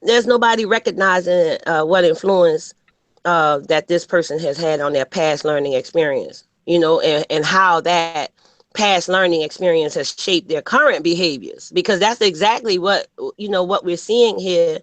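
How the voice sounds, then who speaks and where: A woman's voice: lowish voice, moderate pace, no echo. A woman co-hosting a casual panel talk, emphatic and blunt, often asking "you know what I'm saying". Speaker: panel host.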